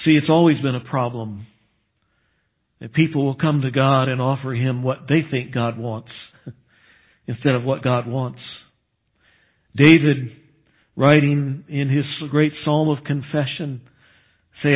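Husky male pastor, unhurried and emphatic, lifts for stress and sinks to a hush, thin lo-fi recording. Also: steady tone. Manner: earnest, emphatic preaching, drops to a low hush for solemn points. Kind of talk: sermon. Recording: tinny phone-like sound.

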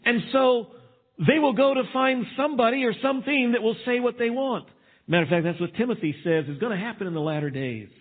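A man's voice: very high-pitched, brisk, husky. A male pastor preaching a sermon with emphasis and rhetorical questions. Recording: tinny phone-like sound.

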